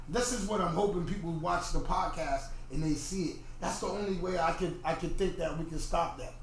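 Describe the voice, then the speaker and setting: A middle-aged man with a fairly high voice rants animatedly in a casual livestream monologue, stumbling and repeating words. The sound is very echoey, with faint noise behind him. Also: brisk, gravelly, few pauses. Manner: animated ranting, repeats himself. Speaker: podcast host.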